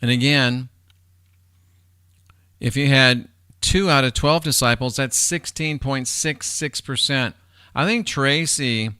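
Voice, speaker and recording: A man's voice: mid-range voice, sharp tone, clear, resonant tone, no room sound, clean studio sound. A man hosting a livestream, rambling casually and with profanity as he talks straight to his chat viewers. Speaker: livestream host.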